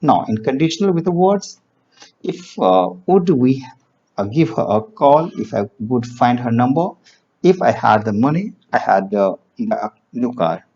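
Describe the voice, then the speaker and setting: A man teaching grammar, reading example sentences slowly and explaining with fillers. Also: medium pitch, very animated, warm tone. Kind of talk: classroom grammar lesson. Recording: dull lo-fi recording.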